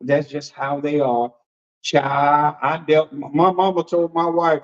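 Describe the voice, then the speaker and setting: A man preaches in an easy, conversational way, folksy and animated. He repeats phrases and slips into the voices of the people he quotes. The sound is dull and lo-fi, like a livestream. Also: on the high side, measured pace. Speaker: apostle and preacher leading a discussion.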